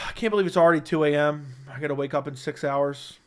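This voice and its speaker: A man's voice: fairly high pitch, fast talker. Brash, profane young man streaming late. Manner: brash, profane, joking banter with chat. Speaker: livestream host. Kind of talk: late-night casual livestream chat.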